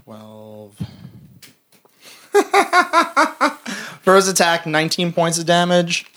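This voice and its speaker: A man playing a tabletop game, excitedly reporting his rolls and his character's reactions. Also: high voice, drawn-out words. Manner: animated, excited about dice rolls. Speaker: player. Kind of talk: casual tabletop play.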